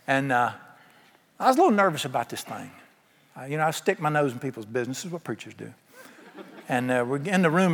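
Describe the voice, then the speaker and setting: A man preaching a sermon, telling folksy stories and acting out the dialogue himself. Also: fairly high pitch. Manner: folksy storytelling, acts out quoted dialogue. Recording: long hall reverb.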